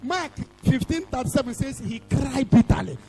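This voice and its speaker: A Nigerian man preaching a fiery revival sermon, shouting and chanting lines for the crowd to repeat. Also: very high voice, expressive, moderate pace, creaky, faint music behind, rough recording. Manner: shouting, sing-song call-and-response preaching. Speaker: evangelist preacher.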